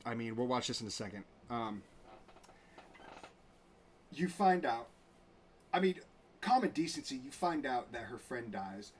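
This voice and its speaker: A man's voice: medium pitch, very animated, measured pace, long pauses, slight background noise. Rambling, indignant male show host. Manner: rambling, indignant, full of restarts. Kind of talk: casual commentary.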